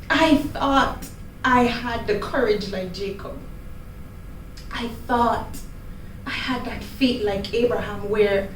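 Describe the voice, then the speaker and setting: A woman's voice: fairly high pitch, slight background noise. An actress playing a weary man who pleads in hesitant prayer to his father, in a stage monologue. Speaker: drama ministry actor. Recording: echoey room, distant mic.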